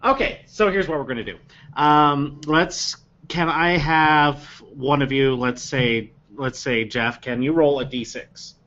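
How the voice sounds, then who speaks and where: A man running a tabletop game as game master, talking casually with many quick restarts. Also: on the high side, dull audio. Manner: stammering restarts, animated.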